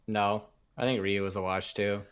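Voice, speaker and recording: An American man and former pro player speaking as a podcast guest, laid-back and halting, swearing casually. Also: on the low side, fairly even intonation, a bit bright, smooth. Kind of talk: casual esports chat.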